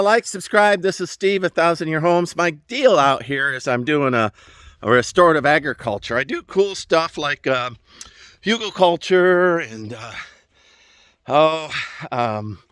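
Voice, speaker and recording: Repairing a trailer tire on rural land, a man vlogs casually, rambling folksily, chuckling to himself, and short of breath. His voice sits on the high side, fairly bright and smooth, in clean studio sound with no echo.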